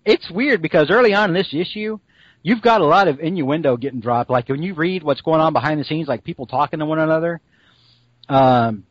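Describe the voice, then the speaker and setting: A man's voice: fairly high pitch, a little fast, no room sound, highs cut off. A man co-hosting a comic-book podcast, telling the story in a rambling, joking way with lots of fillers. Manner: rambling, jokey, full of fillers. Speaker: podcast co-host.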